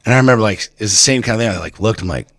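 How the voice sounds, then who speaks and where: A man's voice: lowish voice, rapid-fire, fairly bright tone, no room sound, clean studio sound. A man guest on a podcast telling personal stories bluntly, with lots of swearing and repeated words. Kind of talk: candid personal storytelling.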